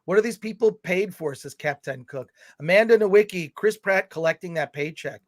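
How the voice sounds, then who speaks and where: Guy with a high voice ranting on a film livecast, reading chat comments out. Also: normal speed. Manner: animated, ranting, reads viewer comments aloud. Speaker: podcast co-host reading chat.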